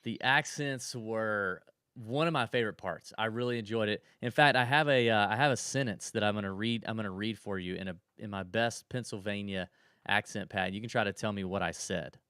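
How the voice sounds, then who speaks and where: A man's voice: on the low side, fairly quick, bright, forceful tone, clear, resonant tone, no echo, clean studio sound. A man co-hosting a podcast in casual chat, rambling through stories with frequent restarts. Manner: chatty, rambling storyteller with restarts. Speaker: podcast co-host.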